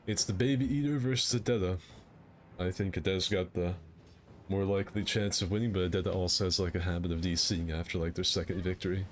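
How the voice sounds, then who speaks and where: Talking fast in a deep voice with fairly even intonation, a young man hosts a game fight night on his casual gaming stream. The rambling, crude banter is full of laughs, and there's slight background noise.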